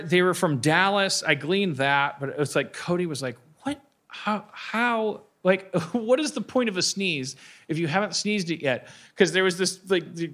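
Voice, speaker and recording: A man with a bright, fairly high voice tells a story on a live stage, stammering and restarting as he goes. He rambles and breaks into acted voices. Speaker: podcast host. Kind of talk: live comedy podcast storytelling. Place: live stage before an audience.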